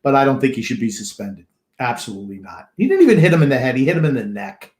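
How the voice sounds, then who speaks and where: A man co-hosting a sports podcast, gruff and sarcastic in casual chat. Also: medium pitch, sing-song, fast talker, a little mellow, roomy sound. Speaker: podcast co-host.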